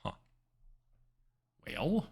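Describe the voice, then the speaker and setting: A man streaming an adventure game live, chatting wryly and reading the game's text aloud. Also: very slow. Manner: wry, chatty, animated asides.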